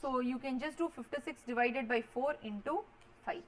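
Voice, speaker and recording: A woman's voice: sits high, moderate pace, a little hiss or hum, poor audio. A woman, teaching a maths revision lecture and walking students through each step, often checking they follow. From India.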